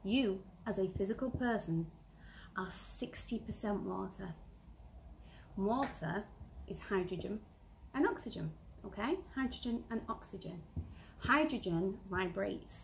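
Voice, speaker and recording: A woman's voice: medium pitch, expressive, unhurried, a little hiss or hum, low-quality recording. Earnest woman giving motivational advice. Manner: earnest, emphatic, repeats phrases for effect; drops to a soft whisper at key lines. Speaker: lifestyle vlogger. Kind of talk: motivational self-help talk.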